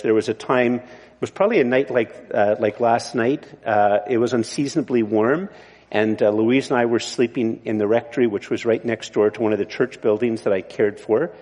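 A man's voice: medium pitch, warm tone, big-room sound. A male pastor giving a sermon in a conversational, digressive way, often restarting his sentences. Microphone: mic on the body.

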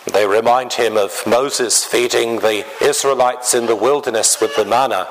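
A man preaching a sermon in a slow, deliberate way, often clearing his throat. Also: medium pitch, steady tone, a little hiss or hum, low-quality recording.

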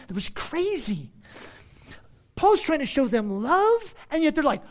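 A man preaching an expository sermon as a pastor, swinging between loud emphatic lines and quiet asides. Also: extremely high pitch, big pitch swings, a little slow, long pauses.

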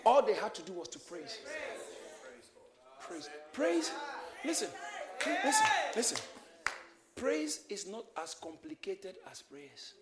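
A man preaching a sermon, shouting and exhorting his congregation in call-and-response. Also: high voice, big pitch swings, a little slow, pauses often. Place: church hall with congregation. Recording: echoey church hall, crowd behind.

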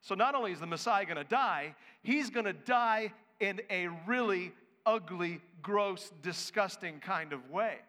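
Sex: man. Role: pastor. Style: sermon, emphatic and conversational. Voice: high. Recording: echoey hall. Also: lively intonation, unhurried, pushed and bright.

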